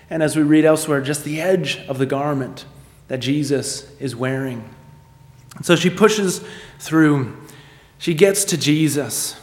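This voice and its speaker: A male pastor preaching a sermon, speeding up and dropping to a hush as he acts out the voices of the story. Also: a little high. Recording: echoey hall.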